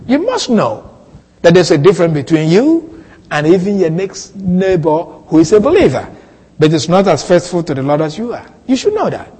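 A man preaching a sermon as pastor, teaching with emphatic, repeated phrases and a swooping, expressive delivery. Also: fairly high pitch, husky. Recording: echoey hall with long reverb.

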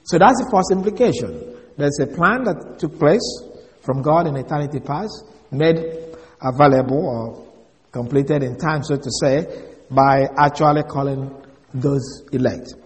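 A man giving a slow, deliberate Bible lesson as a preacher, repeating and spelling out key words. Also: a little high. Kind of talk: expository Bible teaching. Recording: long reverb of a large hall.

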